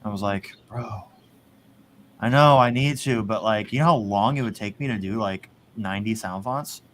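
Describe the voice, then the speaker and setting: Casual male podcast host, low voice, rambling delivery, slight noise floor. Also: fairly quick. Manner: rambling, swears, laughs often. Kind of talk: casual chat.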